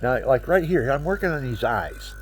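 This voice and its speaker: A man's voice: mid-range voice, very animated, moderate pace, slight background noise. An older man with a stuffy nose, rambling chattily at home in a casual vlog and showing things as he talks. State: stuffy nose, talking through his nose.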